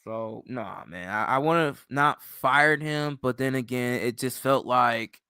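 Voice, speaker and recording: Man, livestream host, sleepy, rambling, swearing, slow drawl, dry close sound. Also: medium pitch, pushed and bright, smooth, no room sound. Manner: rambling, profane and ranting. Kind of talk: casual late-night livestream chat.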